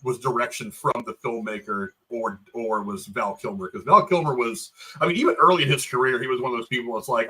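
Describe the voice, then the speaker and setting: A man's voice: medium pitch, fairly quick, few pauses, sharp tone, breathy edge, poor audio. A man co-hosting a casual movie review chat, rambling a bit and laughing often. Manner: rambling, laughing, restarts a lot. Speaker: podcast co-host.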